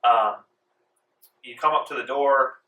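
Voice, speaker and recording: Relaxed, meandering male game master; bright tone, distant mic in a roomy space. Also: mid-range voice, slow. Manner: relaxed with many fillers. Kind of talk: narrating a tabletop game. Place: library room. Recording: echoey room from far off.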